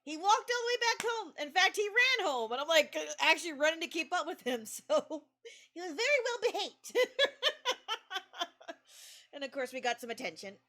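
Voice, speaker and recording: A woman's voice: very high voice, very animated, moderate pace, pushed and bright. A young woman streamer chatting casually, giggling often and rambling through her stories. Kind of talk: casual chat.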